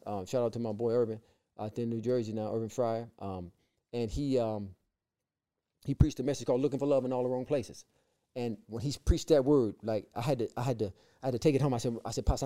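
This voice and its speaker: Animated storytelling man, mellow voice. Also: medium pitch. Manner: lively, repeats words, acts out quoted voices. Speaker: guest sharing his testimony.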